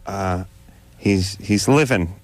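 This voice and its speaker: A man's voice: low voice, slow, no echo. A man co-hosting a late-night call-in radio show, blunt and sardonic with the callers.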